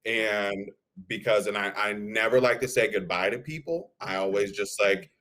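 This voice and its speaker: A man's voice: fairly low pitch, normal speed, a bit bright. A man co-hosting a podcast in casual chat, speaking frankly and bluntly with a few laughs. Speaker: podcast co-host.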